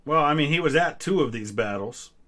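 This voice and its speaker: Bright-voiced man hosting a trivia stream. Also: fairly high pitch, fairly quick. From Ohio, US Midwest. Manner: relaxed, answers chat questions with small hesitations. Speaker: history channel host. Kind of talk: casual live-stream trivia chat.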